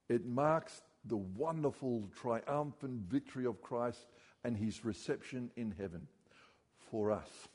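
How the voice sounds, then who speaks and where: A middle-aged man preaching a sermon, rising loudly when he reads scripture. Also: medium pitch, in a large hall. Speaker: pastor.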